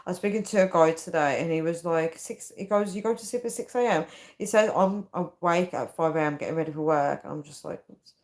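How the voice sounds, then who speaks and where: With a lowish, slightly mellow voice and a somewhat quick delivery, the weary livestream host in her thirties reads comments aloud, giggling and laughing often as she chats.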